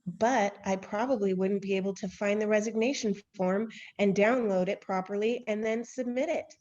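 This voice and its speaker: A woman's voice: mid-range voice, normal speed, darkish tone. Candid self-deprecating woman co-host, lo-fi call. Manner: candid, self-deprecating storyteller who laughs and sighs often. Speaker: podcast co-host. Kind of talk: casual chat.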